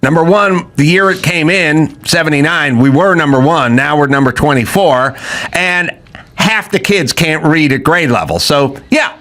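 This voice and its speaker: A man's voice: on the high side, animated, moderate pace, a bit bright. A middle-aged man hosting a comedy talk show, ranting sarcastically and mocking people. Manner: sarcastic, mocking, mimics others in exaggerated voices. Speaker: podcast host.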